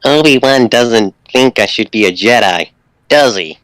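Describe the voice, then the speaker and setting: A man's voice: mid-range voice, expressive, a little slow, fairly bright tone, no room sound. A man voicing a whiny young boy who hopes to become a Jedi, in a nasal voice. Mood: anxious.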